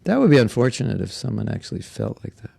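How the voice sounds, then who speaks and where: Gravelly, earnest man giving a spiritual class. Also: medium pitch, big pitch swings, quick pace, dark tone. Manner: earnest, conversational, acts out quoted voices. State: congested. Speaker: spiritual teacher. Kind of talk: devotional class talk. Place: Alachua, Florida.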